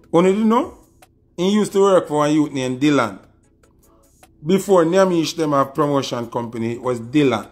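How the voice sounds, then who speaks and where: A man with a Jamaican accent delivering a scornful, taunting diss rant, repeating his insults. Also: fairly high pitch. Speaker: social media personality. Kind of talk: ranting diss video.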